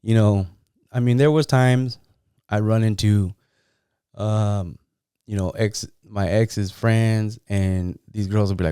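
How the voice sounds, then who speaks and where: A man's voice: fairly low pitch, fairly even intonation, takes it slowly, mellow, clean tone, no echo, studio quality. A middle-aged man from San Jose, California, hosting a podcast and telling rambling, profane, streetwise stories in a casual way. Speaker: podcast host. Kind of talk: casual storytelling.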